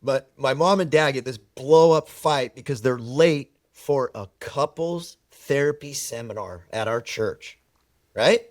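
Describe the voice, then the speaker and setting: A man in a podcast chat, spinning personal stories with animated, emphatic delivery and repeated words for effect. His voice sits at an ordinary middle pitch. The recording is close and dry, with no room sound. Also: measured pace, dry recording. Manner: animated storyteller who acts out quoted dialogue. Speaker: podcast guest. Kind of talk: personal storytelling in conversation.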